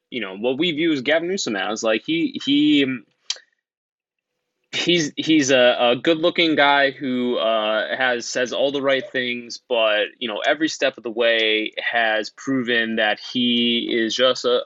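A man's voice: medium pitch, bright, forceful tone, no echo, muffled recording. A man talking bluntly and angrily in a casual podcast conversation, swearing freely. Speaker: guest organizer. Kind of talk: casual political podcast talk.

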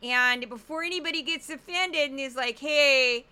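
A woman from the US Midwest hosting a political commentary podcast in an animated, sarcastic, jokey way. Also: high voice, normal speed. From St. Louis, US Midwest. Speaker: podcast host.

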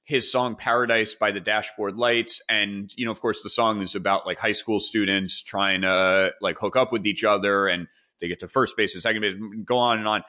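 A man in his forties hosting a podcast, telling rambling, animated stories full of fillers and restarts. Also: fairly low pitch, normal speed. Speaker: podcast host. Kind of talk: casual storytelling chat.

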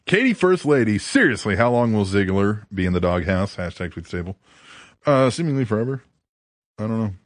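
A man's voice: fairly low pitch, sing-song, normal speed, no room sound, studio quality. Crude, laughing wrestling podcast host man. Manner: crude, laughing, reads listener tweets aloud. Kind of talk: casual podcast chat.

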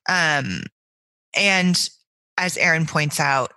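A low, bright-toned woman analyzing a novel. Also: drawn-out words, gravelly, dry recording. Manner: thoughtful, analytical, builds long arguments. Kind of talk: casual literary discussion.

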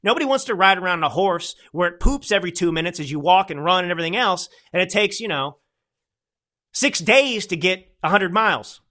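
Guy ranting on his podcast, high bright voice, keeps repeating himself scornfully. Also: animated, fairly quick. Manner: indignant, repetitive, scornful. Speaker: podcast host. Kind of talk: political commentary.

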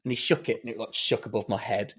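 Man telling an animated story. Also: lowish voice, quick pace, slightly rough. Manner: animated storyteller who acts out other people's lines. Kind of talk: casual storytelling chat.

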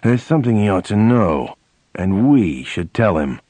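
A man playing a gruff, dour old professor. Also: big pitch swings, dark tone, no room sound. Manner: slow, low and grave. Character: gruff, dour, taciturn older male professor. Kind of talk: audiobook reading.

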